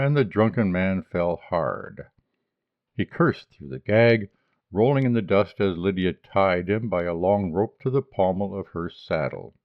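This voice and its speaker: Deep slow male storybook narrator. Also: no room sound, muffled recording. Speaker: audiobook reader. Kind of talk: scripted narration of a short story.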